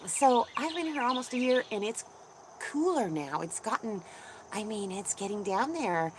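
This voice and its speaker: A woman hosting a casual livestream, chatting in a rambling way with lots of ums and restarts and greeting viewers brightly. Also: on the high side, expressive, normal speed, a little hiss or hum. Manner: bubbly, voice jumps up when greeting viewers. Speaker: homesteading channel host. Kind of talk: casual livestream chat, reading viewer comments.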